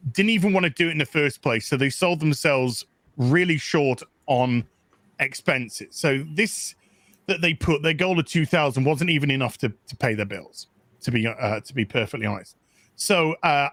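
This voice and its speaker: A man's voice: on the high side, a bit bright, no room sound. A man talking earnestly on a panel stream, with a lot of hesitation and fillers. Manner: earnest, halting, many fillers. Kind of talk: casual chat.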